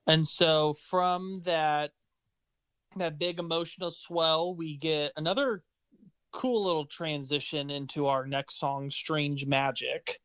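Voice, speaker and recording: Young male podcast co-host, fairly high voice, eager, restarts often, dry sound. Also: fairly even intonation, fairly bright tone, clear, resonant tone, no echo. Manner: enthusiastic, halting with restarts. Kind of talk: casual music discussion.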